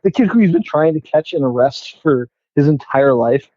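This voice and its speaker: A man with a fairly high but warm, mellow voice co-hosts a movie podcast, laughing and poking fun at the film with plenty of swearing. His sound is dry and close, with a dull, lo-fi tone. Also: expressive, moderate pace, no echo. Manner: laughing, mocking, swears often. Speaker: podcast co-host. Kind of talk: casual chat recapping a movie.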